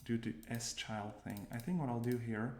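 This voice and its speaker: Here a man talks through his coding in a mid-range, somewhat mellow voice, keeping his intonation fairly even and his pace moderate. He thinks aloud, pausing frequently and fixing his own words, as casual screencast commentary. Keys clatter and a mouse clicks in a roomy, noticeably noisy recording.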